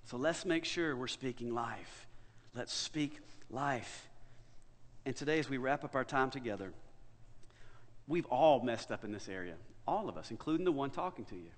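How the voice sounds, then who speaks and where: A man preaching a sermon, telling a story with big swings between loud and hushed delivery. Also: mid-range voice, animated, moderate pace, long reverb tail. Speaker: pastor. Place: church sanctuary.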